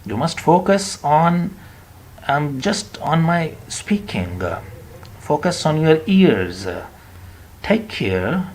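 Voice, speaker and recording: A man teaching an online spoken lesson, repeating phrases slowly and emphatically for his students. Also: on the high side, very animated, darkish tone, husky. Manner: drills phrases with repetition, slow and emphatic. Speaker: English teacher.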